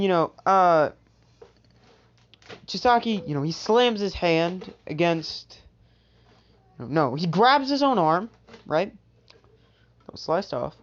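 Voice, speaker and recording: A storyteller improvising a fan-made what-if story, rambling with many filler asides. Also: mid-range voice. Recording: dull lo-fi recording.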